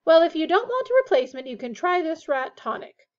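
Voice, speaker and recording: A woman voicing a gruff middle-aged shop witch who talks bluntly and loudly. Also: very high voice, very animated, fairly quick, voice pushed up. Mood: brusque. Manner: brusque, blunt. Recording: dull lo-fi recording.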